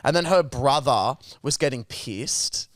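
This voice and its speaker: A young man tells a wild story on a casual podcast, his pitch leaping all over as he acts out the people in it. He swears freely and keeps it loose. The sound is close and dry. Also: measured pace, no echo. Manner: animated storyteller, swears a lot, acts out scenes. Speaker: podcast co-host. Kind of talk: casual chat.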